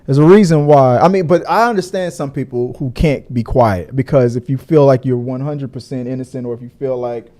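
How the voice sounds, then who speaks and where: A man hosting a casual online show, chatting loosely, laughing often and now and then breaking into high mocking voices. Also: brisk, few pauses, dark tone. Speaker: podcast host. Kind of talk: casual chat.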